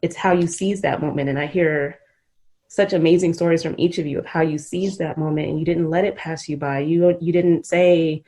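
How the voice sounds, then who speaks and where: A woman's voice: low voice, fairly even intonation, normal speed, mellow. A middle-aged woman hosting a podcast interview, talking in an earnest, reflective, rambling way. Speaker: podcast host. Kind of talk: emotional conversational interview.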